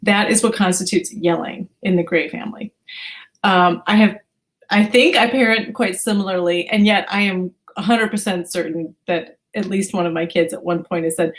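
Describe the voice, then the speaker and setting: Dry, measured middle-aged woman. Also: medium pitch, poor audio. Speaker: parenting magazine co-host. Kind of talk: casual chat.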